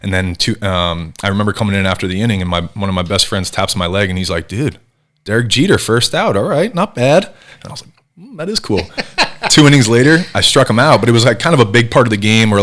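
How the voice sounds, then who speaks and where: A man in his thirties from New Jersey, a former ballplayer guest telling animated stories in casual chat. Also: fairly low pitch. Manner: fast, animated storyteller acting out quotes. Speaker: podcast guest, former baseball pitcher.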